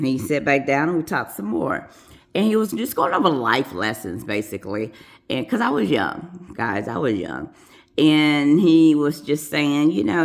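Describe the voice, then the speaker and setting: Nurse, woman, storyteller vlog; deep gravelly voice, swings widely when quoting people. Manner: animated, acts out quoted voices. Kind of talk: casual storytelling to camera.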